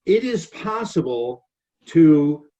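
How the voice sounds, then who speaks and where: A rabbi explaining scripture to a study group in a conversational, explanatory way. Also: male voice, on the high side, very animated, slow pace, mellow, lo-fi sound.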